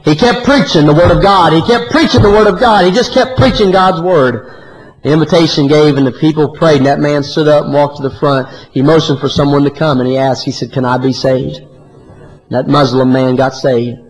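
Male preacher, high voice, animated sermon, rising and falling delivery. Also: a little fast, faint music behind, poor audio. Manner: animated preaching, often rising high and loud, then dropping low.

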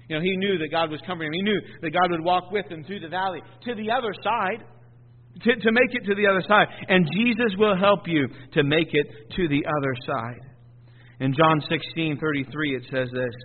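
High-voiced man preaching in an echoing hall. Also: steady tone, brisk. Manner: swings from hushed to loud and high, stammers and repeats words. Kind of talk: sermon. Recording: tinny phone-like sound in a long echoing hall.

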